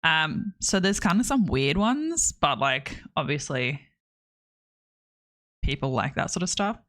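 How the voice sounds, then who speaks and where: A woman's voice: sits low, lively intonation, slow pace, a bit bright. Chatty Australian woman streamer. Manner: chatty, rambling, laughs often. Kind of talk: casual livestream chat.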